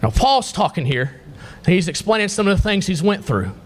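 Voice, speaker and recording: A man's voice: sits high, sing-song, normal speed. A man preaching a sermon to a congregation, reading scripture and asking the listeners pointed questions.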